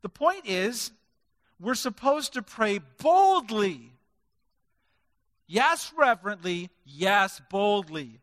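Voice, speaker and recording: A man's voice: high-pitched, very animated, slow pace, long pauses, a bit bright. A male pastor preaching a sermon, emphatic and driving his points home with stacked lists of words. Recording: reverberant hall.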